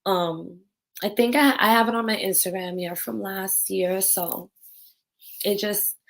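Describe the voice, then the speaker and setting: A woman's voice: medium pitch, steady tone, a little slow, gravelly, a bit bright. A young adult woman talking candidly and tearfully in a personal vlog, swearing now and then. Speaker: vlogger.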